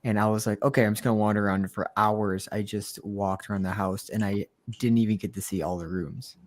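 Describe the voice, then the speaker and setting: A man's voice: fairly low pitch, steady tone, a little fast. A man, a guest on a livestream chat, telling stories in a laid-back, joking way.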